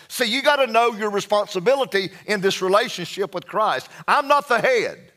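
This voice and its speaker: Pastor guy preaching, high bright voice, slow and emphatic, drops way down quiet to hit a point. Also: animated. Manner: reads scripture slowly and deliberately. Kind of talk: sermon.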